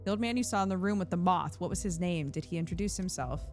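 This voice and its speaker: A woman streaming a video game, reading the dialogue aloud and reacting in an expressive, exasperated way. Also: fairly low pitch, fast, faint music behind. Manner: animated and expressive, swings to loud exasperation. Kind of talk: live gameplay commentary, reading dialogue aloud.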